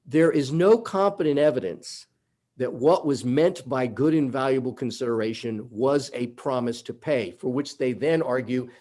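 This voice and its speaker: A man's voice: medium pitch, moderate pace, dark tone. A man arguing a summary judgment motion before a judge in a courtroom, methodical and emphatic as he walks through legal points. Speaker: attorney.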